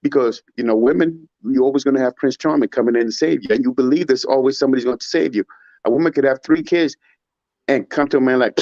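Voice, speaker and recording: A man's voice: mid-range voice, fast, a little mellow, dry recording. A man in casual talk giving emphatic, rhetorical opinions and mimicking others in a raised voice. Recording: dull muffled audio.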